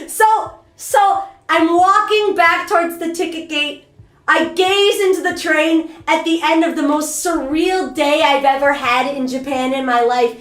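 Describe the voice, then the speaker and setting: A woman streamer telling a story in a rambling, animated, self-deprecating way. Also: sits high, unhurried, reverberant. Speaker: VTuber streamer. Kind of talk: casual storytelling.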